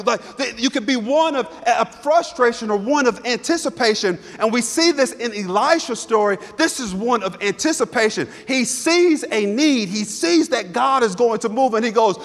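A man's voice: extremely high pitch, lively intonation, normal speed, hardly any pauses, fairly bright tone. A man preaching a sermon as a pastor, fervent and emphatic, repeating his key lines for effect. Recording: long hall reverb.

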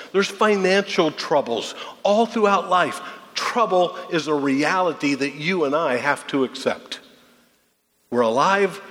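A man's voice: on the high side, a bit bright. A man pastor delivering a folksy, conversational sermon, full of rhetorical questions to the congregation. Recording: long reverb of a large hall.

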